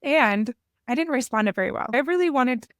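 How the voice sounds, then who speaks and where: A woman shares a parenting story with candid, self-deprecating reflection, her voice smooth and resonant. She speaks close to the microphone in a dry, deadened room with no echo, and her talk flows like relaxed conversational storytelling. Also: high voice, a little fast. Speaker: podcast guest.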